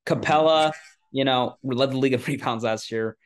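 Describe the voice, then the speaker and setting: Male podcast co-host, mid-pitched, loose and rambling, quick to laugh at himself. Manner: rambling and self-deprecating, with frequent restarts. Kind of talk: casual sports chat.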